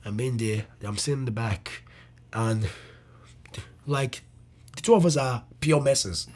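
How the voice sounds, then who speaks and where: Husky-voiced man telling a story. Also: medium pitch, a little slow. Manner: animated, loose storytelling with swearing and restarts. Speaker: comedian guest. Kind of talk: candid storytelling interview.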